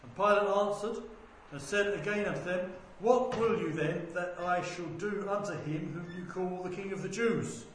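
A man with a fairly high voice reads scripture aloud, slow and deliberate, lifting his tone for the quoted lines. His voice rings through a very reverberant room with a faint hiss of background noise. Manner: measured, deliberate reading that rises for quoted speech. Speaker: scripture reader. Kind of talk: bible reading aloud.

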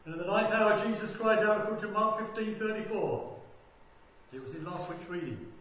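A man preaching a sermon, swinging between loud proclaiming and quiet, low asides. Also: a little fast, very echoey.

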